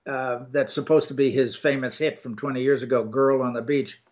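An older man co-hosting a film review chat, talking casually and haltingly with many ums and restarts. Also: medium pitch, fairly even intonation, darkish tone, a little hiss or hum. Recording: dull lo-fi sound.

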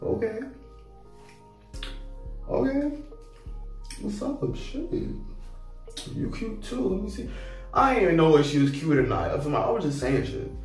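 A young man telling a casual storytime, slangy and animated, acting out both sides of the conversation. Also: high voice, measured pace, long pauses. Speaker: vlogger. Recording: echoey room heard from a distance, faint music.

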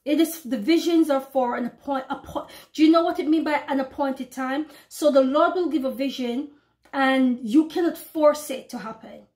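A woman preaching prophecy to her online followers, fervent and emphatic, slowing down when she reads scripture aloud. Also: high voice, a little mellow. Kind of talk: preaching to camera.

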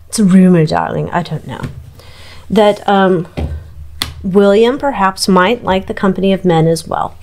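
A woman gives a loose, gossipy tarot reading, tossing irreverent asides and filler words as she turns the cards. Her voice sits at an ordinary middle pitch. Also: a little mellow, a little hiss or hum. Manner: gossipy, irreverent, frequent ums and laughs. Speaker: tarot reader. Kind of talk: casual chatty tarot reading.

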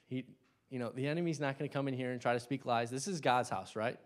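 Young male lay preacher in a church, impassioned, loud then hushed. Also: mid-range voice, fairly even intonation, fast. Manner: impassioned, swings between loud bursts and hushed asides. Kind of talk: sermon.

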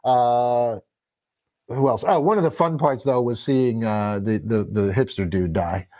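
A man co-hosting a horror podcast, casually reviewing a movie and acting out scenes with quick voices. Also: medium pitch, dry recording. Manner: animated retelling with quick voices and laughs. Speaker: podcast co-host.

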